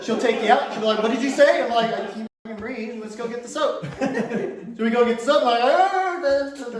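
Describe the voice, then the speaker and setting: Middle-aged man doing stand-up, high voice, chatty and self-mocking, laughs at his own lines, heard from a distance. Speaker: stand-up comedian. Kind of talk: stand-up comedy set. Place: large room on stage. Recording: echoey room from far off.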